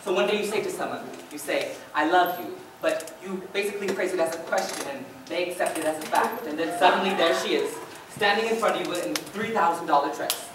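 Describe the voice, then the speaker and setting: A woman's voice: medium pitch, lightly acted. A young woman on a school stage playing a wistful male musical fan who rambles in confiding asides to the audience. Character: wistful middle-aged male theatre fan narrating. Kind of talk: high school musical theatre. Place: school stage in a large hall. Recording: echoey auditorium taped from far off. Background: audience laughter and hiss.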